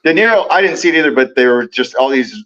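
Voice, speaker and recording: A man's voice: mid-range voice, expressive, fast talker, fairly bright tone, dull audio. A man as the guest in a casual film discussion, hesitant, with lots of fillers and trailing thoughts.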